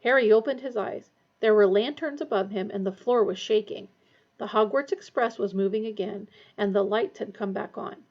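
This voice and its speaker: A woman reading a novel aloud, giving the characters lively voices. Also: moderate pace. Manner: lively character voices, raised pitch for dialogue. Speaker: audiobook reader. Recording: dull lo-fi recording.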